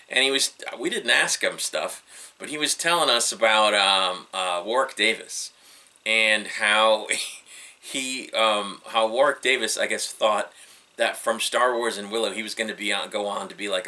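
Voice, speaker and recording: A man's voice: lowish voice, pushed and bright. A middle-aged man giving casual, rambling solo commentary on entertainment news, wry and skeptical, with frequent ums and uhs.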